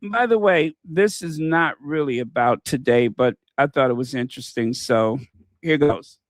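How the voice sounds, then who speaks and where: A man hosting a commentary channel, talking casually with relaxed asides to viewers. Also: medium pitch, moderate pace, no echo. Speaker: channel host.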